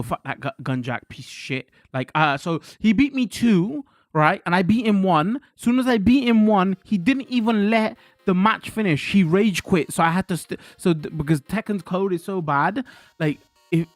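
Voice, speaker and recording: A man ranting animatedly to his livestream chat, swearing and restarting his sentences. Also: high voice. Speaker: streamer.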